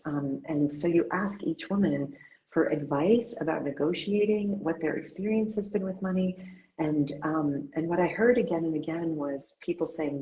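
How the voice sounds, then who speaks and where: A woman's voice: deep voice, moderate pace, mellow, rough recording. A woman interviewing a fellow author in a conversational way. She asks earnest, rambling questions full of fillers and restarts.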